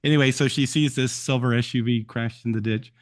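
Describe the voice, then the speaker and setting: A man hosting a live stream who answers viewer questions and tells stories in a relaxed way, with frequent ums and uhs. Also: medium pitch, brisk.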